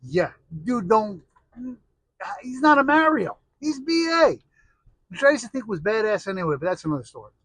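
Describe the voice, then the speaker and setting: A man's voice: high voice, very animated, normal speed, fairly bright tone, no room sound, low-quality recording. A middle-aged American man telling rambling, jokey stories in a casual monologue, full of restarts and asides. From United States.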